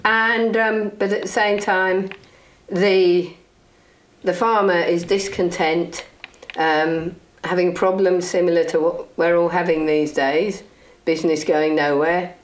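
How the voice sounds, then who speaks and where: A woman folk singer introducing a song at a concert, talking hesitantly with many pauses and ums. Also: fairly low pitch, little pitch movement, echoey room. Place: concert venue.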